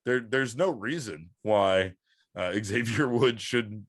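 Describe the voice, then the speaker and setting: A man co-hosting a wrestling podcast in casual chat, excitable, swearing freely and laughing often. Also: lowish voice, takes it slowly, no echo, clean studio sound. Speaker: podcast co-host.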